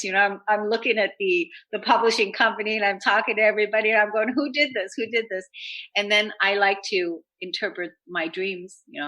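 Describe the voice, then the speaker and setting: Woman talk radio host: bright, upbeat, earnest self-help chat. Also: medium pitch, poor audio.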